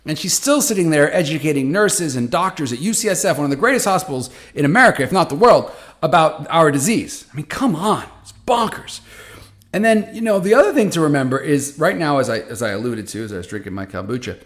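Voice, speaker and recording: A man's voice: on the high side, animated, fast talker. A man hosting a foundation podcast, talking casually and animatedly from his office, often restarting phrases. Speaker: podcast host for a patient foundation. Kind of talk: casual monologue. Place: hot office.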